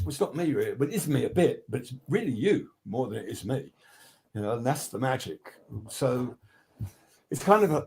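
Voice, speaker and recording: An older man, telling studio stories in a rambling, profane, casual way on a video call. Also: mid-range voice. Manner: rambling, profane, restarts a lot, animated quoting. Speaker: guest record producer. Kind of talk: casual storytelling interview.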